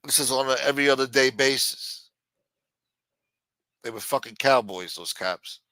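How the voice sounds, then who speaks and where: Middle-aged man, heated profane rant, bright edge, dry close sound. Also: mid-range voice, moderate pace, no echo. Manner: blunt, heated, swears constantly. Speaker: live-stream host. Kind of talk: profane ranting monologue.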